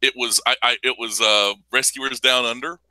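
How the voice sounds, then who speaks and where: A man's voice: medium pitch, fairly even intonation, moderate pace, sharp tone, no room sound, low-quality recording. A man hosting a podcast in casual chat, rambling and profane about old movies. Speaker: podcast host.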